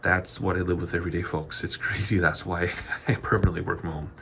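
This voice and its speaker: A man's voice: low-pitched, fairly even intonation, a little fast, fairly bright tone. A man giving a chatty, rambling tour of his home office studio, a little out of breath. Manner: rambling, chatty, frequent ums. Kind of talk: casual walkthrough vlog.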